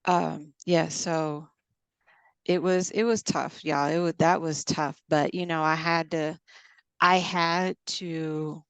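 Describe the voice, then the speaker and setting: Woman, middle-aged, very low voice, casual storytelling, quotes dialogue, dry close sound. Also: flat delivery, slow, clear, resonant tone, no room sound. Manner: storytelling, quoting others in dialogue. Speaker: podcast co-host. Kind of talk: casual chat.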